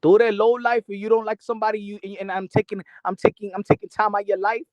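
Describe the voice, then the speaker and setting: Heated high-voiced host. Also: male voice, flat delivery, fast, no room sound, dull audio. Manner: heated, mocking, switching between English and Spanish. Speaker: boxing channel host. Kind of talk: livestream commentary answering chat.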